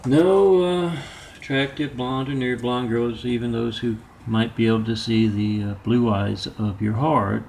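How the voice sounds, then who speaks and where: A man talking in a rambling monologue of his own, halting and meandering with many filler pauses. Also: mid-range voice, creaky, a little mellow, slight background noise. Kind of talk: rambling self-made monologue.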